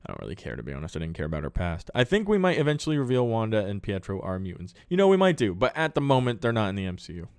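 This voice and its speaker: A man's voice: fairly low pitch, huge pitch swings, very fast, hardly any pauses, darkish tone, clear, resonant tone, dry recording, clean studio sound. A man hosting a casual live podcast, reading viewer comments aloud and answering them in an upbeat, chatty way. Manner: upbeat, thanks viewers, answers questions on the fly.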